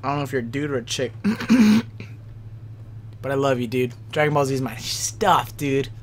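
A man's voice: mid-range voice, expressive, normal speed. Rowdy, goofy man trash-talking over a game. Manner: goofy, rowdy trash-talk, playful bragging. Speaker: let's play gamer. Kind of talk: casual gaming commentary. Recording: noisy with game sound behind.

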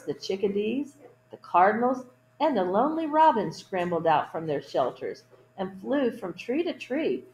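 Woman storytime reader, picture-book read-aloud, gentle asides to children. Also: mid-range voice, roomy sound, slight background noise, rough recording. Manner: gentle asides to young listeners.

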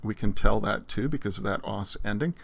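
A man teaching a recorded lesson on Greek grammar, explaining in a measured way with frequent fillers. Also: fairly low pitch, creaky, no room sound. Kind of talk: recorded lecture.

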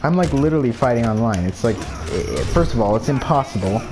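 A man's voice: mid-range voice, animated, fast, over music. A man giving gameplay commentary, ranting in frustration and swearing under his breath. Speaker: gamer.

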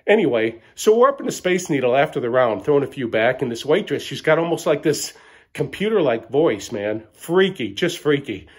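Boastful bro storyteller man, husky. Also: medium pitch, big pitch swings, normal speed. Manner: boastful bro-ish, tags lines with "right?". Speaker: comedic storyteller. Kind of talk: mock-bragging comic monologue.

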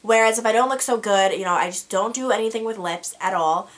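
A woman's voice: medium pitch, brisk. A teenage girl chatting to camera in a beauty vlog, rambling with lots of fillers and restarts. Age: teens. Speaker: beauty vlogger. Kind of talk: casual chat to camera.

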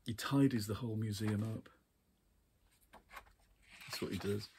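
A man casually chatting about books from his shelves, rambling warmly with fillers and small laughs. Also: lowish voice, unhurried, a little hiss or hum. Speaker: book vlogger. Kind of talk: casual book chat and reading aloud.

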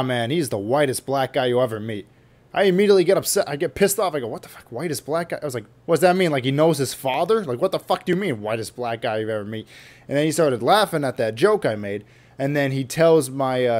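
Profane sarcastic young man ranting. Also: medium pitch. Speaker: vlogger. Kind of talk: casual comedic rant to camera.

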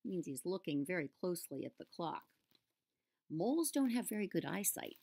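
A woman reading a children's picture book aloud and adding gentle explanatory asides. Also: on the low side, big pitch swings, moderate pace, gravelly. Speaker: storybook reader.

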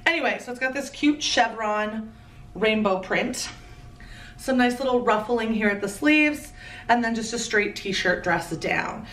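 A woman in her thirties giving a chatty, playful fashion haul commentary with quick asides. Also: a little high, a bit bright, reverberant, recorded from a distance. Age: 30s. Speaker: fashion vlogger.

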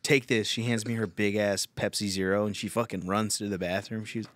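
A man's voice: lowish voice, flat delivery, fairly quick, dry recording. A young man hosting a podcast, telling a rambling, profane story in casual chat. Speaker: podcast host.

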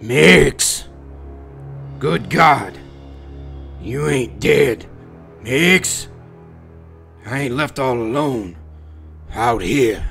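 A man voicing a desperate shipwrecked sailor with a cracked, rasping voice and rough working-class speech, half-mad with thirst. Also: medium pitch, expressive, very slow, pauses often, fairly bright tone, soft background music, full character voice. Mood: frantic.

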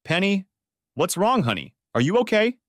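A man's voice: sits high, sing-song, normal speed, no room sound, studio quality, pitched above the performer's own voice. A man voicing an anxious young groom who speaks earnestly and pleadingly in an audiobook story. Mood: alarmed.

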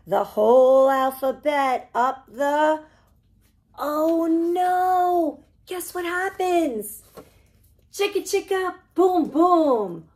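A woman, a children's librarian, reading a picture book aloud to preschoolers with animated, singsong storytelling. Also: sits high, slow. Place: library program recorded for online viewing.

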